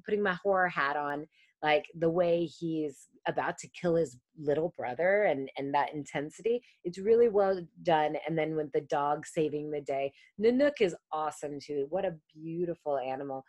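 A woman's voice: low voice, normal speed, no room sound. A woman in her thirties co-hosting a podcast, chatting casually about a movie and acting out scenes. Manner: animated, acts out lines from scenes. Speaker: podcast co-host. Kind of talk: casual movie recap chat.

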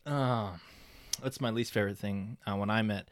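A man's voice: on the low side, fairly even intonation, normal speed, slight background noise. A young man hosting a podcast, chatting casually with a friend, goofy and jokey, laughing often. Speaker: podcast host. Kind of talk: casual chat.

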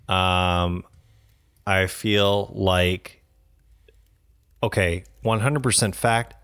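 A married man co-hosting a casual podcast chat, ranting bluntly and swearing freely. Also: lowish voice. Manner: blunt, profane, animated rants. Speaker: podcast co-host.

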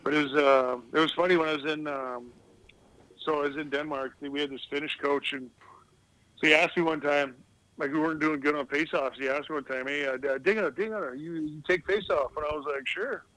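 A middle-aged retired pro hockey player, guesting on a casual podcast, tells loose, rambling stories and laughs at his own anecdotes. His voice is on the high side, steady, fairly quick, bright, and forceful, though the recording quality is low.

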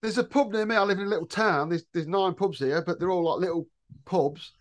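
A man's voice: high voice, fairly quick. An English electrician in his thirties, co-hosting a casual podcast and telling funny stories with swearing and laughter. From England. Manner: lively storyteller, swears, laughs often.

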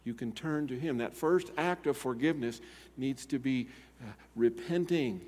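An older man preaching a sermon as pastor, swinging between loud urgent appeals and quiet, slow emphasis. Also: mid-range voice, slight background noise. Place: church sanctuary. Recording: long hall reverb.

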